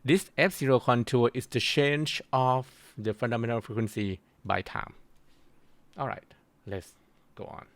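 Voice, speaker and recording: A middle-aged man giving a university lecture, halting with many restarts and fillers. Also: medium pitch, a bit bright.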